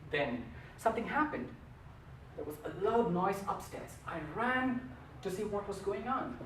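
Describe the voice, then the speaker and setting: A man's voice: sits high, expressive, unhurried, a bit bright, echoey room, far from the mic, a little hiss or hum, rough recording. A man giving a humorous storytelling speech at a contest, with a playful, theatrical delivery. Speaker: contest speaker.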